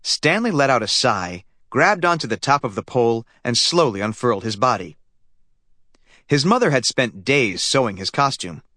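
Lively male audiobook narrator. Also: mid-range voice, normal speed, no room sound, studio quality. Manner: lively storytelling. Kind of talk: scripted narration.

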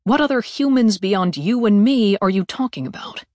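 A woman's voice: medium pitch, animated, moderate pace, warm tone, no echo, clean studio sound, lightly acted. A woman reading an audiobook, voicing a stiff, formal male ambassador who speaks curtly.

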